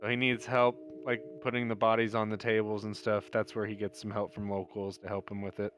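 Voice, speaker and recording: A man running a tabletop game as game master, explaining details in a relaxed, slightly scattered way. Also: lowish voice, fairly quick, a little hiss or hum.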